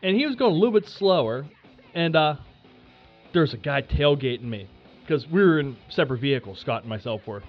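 A podcast host spinning a casual story, animated and swearing freely with lots of fillers. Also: male voice, on the high side, brisk, highs cut off, soft background music.

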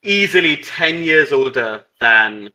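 A man narrating a tabletop game as game master, casual and chatty, with many fillers and quick asides. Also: on the high side, expressive, bright, forceful tone, rough recording.

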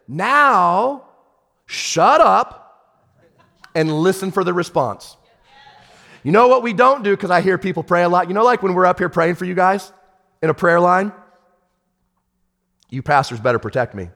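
A male pastor preaching with a high, very lively voice. He swings from shouting to near hushed tones. His voice carries a long reverb, as if in a large hall. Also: moderate pace, gravelly, long pauses. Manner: animated, shifts from shouting to hushed. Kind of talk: sermon.

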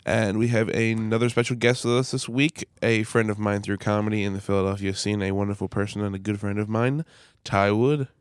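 A man's voice: fairly low pitch, fairly even intonation, fairly quick, clear, resonant tone, no echo. A man who is a comedian hosting a casual podcast chat in a basement studio, joking and teasing his guests with lots of energy.

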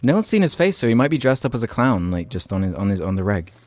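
A man's voice: on the low side, sing-song, quick pace, darkish tone, no echo, faint music behind. A man hosting a casual podcast over an online call, teasing his co-hosts and swearing freely. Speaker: podcast host.

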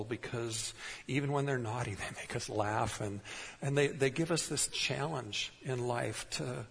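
A man's voice: mid-range voice, creaky, breathy edge. A man pastor delivering a conversational sermon, putting rhetorical questions to the congregation. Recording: long reverb in a large hall.

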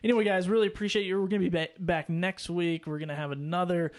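A man co-hosting a live podcast, talking with excited, rambling energy. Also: sits high, fast talker. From North Carolina. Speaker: podcast co-host. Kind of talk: casual live-stream chat.

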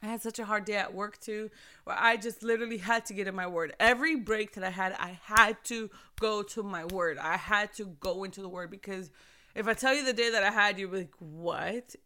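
Bright-voiced woman in her thirties. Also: medium pitch, a little fast. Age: 30s. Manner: animated, chatty, addresses listeners as sis. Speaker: podcast host. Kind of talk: casual faith podcast talk.

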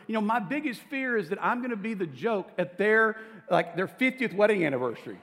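A man's voice: high voice, expressive, quick pace, hardly any pauses, a bit bright. A middle-aged man, a pastor, giving a casual, self-deprecating sermon with stories to a congregation. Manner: conversational, self-deprecating storytelling. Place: church auditorium. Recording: long reverb of a large hall.

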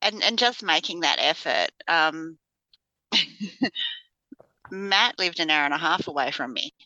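Aussie woman, bright voice, laughs a lot, dull dry lo-fi sound. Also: low voice, lively intonation, a little slow, no room sound. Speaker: co-host. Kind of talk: casual chat.

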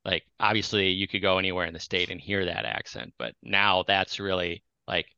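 Bright, crisp Minnesotan man, lo-fi. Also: deep voice, moderate pace, no room sound. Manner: animated, acts out quoted lines. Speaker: podcast co-host. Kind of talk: casual movie-discussion chat.

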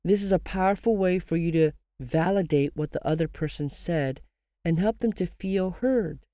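A podcast host talks through grief advice in a calm, measured counselling tone and slows down on key phrases. The voice is warm and mellow, and it is recorded close and dry with no room sound. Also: medium pitch, dry recording. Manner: asks listeners rhetorical questions. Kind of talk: scripted podcast monologue giving grief advice.

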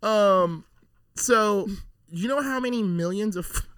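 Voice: medium pitch, slow, a bit bright, clean tone, no room sound, studio quality. A podcast co-host in casual chat, joking, laughing often and sharing trivia.

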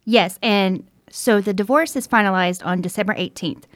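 A woman's voice: medium pitch, moderate pace, no echo, studio quality. Woman co-hosting a crime podcast. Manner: adds details, affirms the other host often. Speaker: podcast co-host. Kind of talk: casual true-crime chat.

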